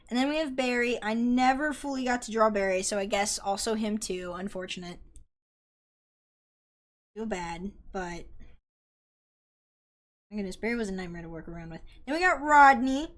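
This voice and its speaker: A young woman chatting casually on a livestream while drawing, rambling excitedly, swearing and yelling at her chat. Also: medium pitch. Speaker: artist streamer.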